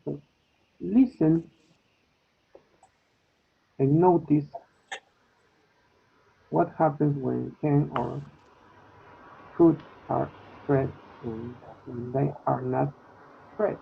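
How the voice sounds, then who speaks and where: A man teaching an online English class, slowly checking in with his students. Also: fairly high pitch, steady tone, vocal fry, a little hiss or hum. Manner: slow, repeats with "okay?" and "no?" checks. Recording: tinny phone-like line.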